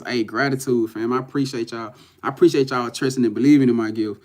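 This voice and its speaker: A man's voice: medium pitch, a little fast, hardly any pauses. A man, talking loosely to livestream viewers as a spiritual reader, swearing and often saying "you know what I'm saying". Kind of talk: casual livestream talk to viewers. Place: in front of a camera at home.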